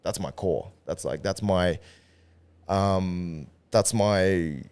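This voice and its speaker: A man, speaking a little lower than most, chats as a podcast guest. He talks loosely and animatedly and swears freely as he goes. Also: very slow, clear, resonant tone. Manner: animated, swears freely, acts out quoted voices. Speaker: podcast guest, event organizer and rapper. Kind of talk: casual conversational interview.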